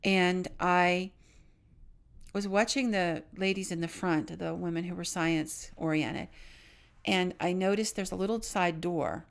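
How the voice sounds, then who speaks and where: A middle-aged woman with a low-set, gravelly voice full of vocal fry tells a personal story. She speaks earnestly, often sinking to a hushed tone at the tense moments. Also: steady tone, a little slow. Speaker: podcast co-host.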